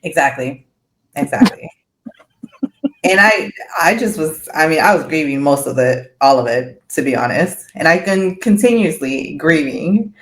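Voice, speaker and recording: A woman's voice: deep voice, animated, a little slow, fairly bright tone. A woman speaking as a podcast guest in casual chat, candid, swearing freely and laughing often.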